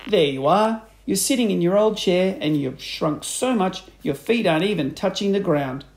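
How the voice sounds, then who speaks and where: A man reading a storybook aloud, voicing a spiteful old man who taunts slowly and cruelly. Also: high-pitched, animated, pitched above the performer's own voice. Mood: gloating. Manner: taunting, slow and drawn-out.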